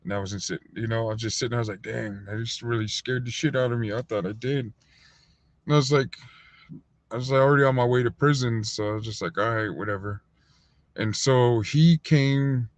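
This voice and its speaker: A man casually telling a rambling, profane story on a livestream, full of fillers, sometimes acting out other people in a higher voice. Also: no echo. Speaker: livestream host. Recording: dull, lo-fi dry sound.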